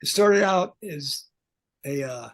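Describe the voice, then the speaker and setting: An older man, a veteran pyrotechnics technician, tells blunt, joking, animated stories during a casual interview over a video call. His voice is fairly high and he takes his time.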